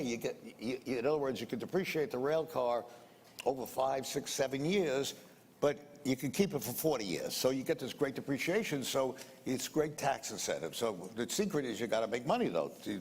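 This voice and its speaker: A man's voice: medium pitch, expressive, a little fast, darkish tone, husky. An older man being interviewed, telling a rambling story in colloquial speech that repeats sound words. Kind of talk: anecdotal storytelling. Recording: reverberant room with faint noise.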